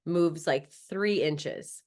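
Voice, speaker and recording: A woman's voice: low-pitched, extremely slow, darkish tone. A young woman hosting a podcast, chatty and loose, talking in a casual conversational way. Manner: chatty, loose, full of "like" fillers. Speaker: podcast host.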